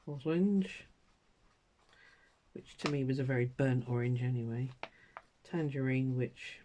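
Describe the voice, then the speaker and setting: A woman's voice: very deep voice, a little slow, noisy background. A woman chatting casually to viewers while she colours, self-mocking and muttering to herself with little laughs. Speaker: colouring vlogger.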